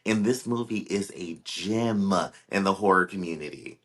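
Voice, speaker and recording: A man's voice: deep voice, normal speed, a bit bright. A man co-hosting a casual podcast chat, blunt and opinionated, with some swearing. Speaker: podcast co-host.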